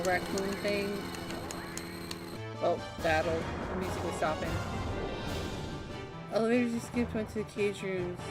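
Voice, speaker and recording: A woman streams a game live and talks through it in a loose, chatty way, swearing at the strange things on screen. Her voice sits at an ordinary pitch for a woman. Game music plays clearly underneath. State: yawning, tired.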